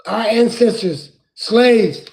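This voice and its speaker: A man preaching from scripture in an impassioned way, rising at times to crying shouts. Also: high voice, slow pace, creaky.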